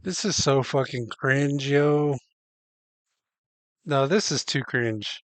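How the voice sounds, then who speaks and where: A man's voice: mid-range voice, takes it slowly, a bit bright, no room sound. A man hosting, reacting bluntly and with profanity, mocking what he hears. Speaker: host reacting. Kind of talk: casual reaction commentary.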